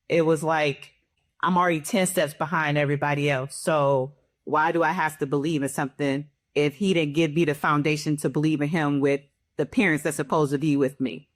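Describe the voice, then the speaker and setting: Woman panel guest, deep voice, candid and thoughtful. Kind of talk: casual personal sharing.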